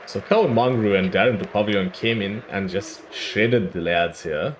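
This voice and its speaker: A man with a hoarse, worn-out voice giving chatty play-by-play commentary on his own cricket video game, breaking into excited cries at big moments. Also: lowish voice, moderate pace, slight background noise. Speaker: gaming YouTuber. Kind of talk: casual play-by-play gameplay commentary.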